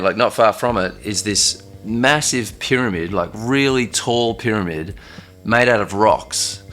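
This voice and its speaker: Deep-voiced man telling a story. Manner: loose and halting, many fillers and restarts. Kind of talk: casual first-person storytelling. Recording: faint music underneath.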